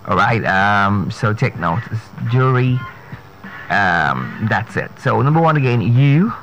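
A man hosting a radio pronunciation lesson, spelling words out letter by letter and repeating each one slowly and carefully. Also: lowish voice, sing-song, a bit bright, faint music behind, poor audio.

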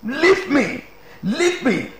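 A man's voice: extremely high pitch, big pitch swings, extremely slow, reverberant, crowd noise, pitched above the performer's own voice, exaggerated voice, low-quality recording. A preacher putting on a wailing grieving woman. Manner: wailing, pleading.

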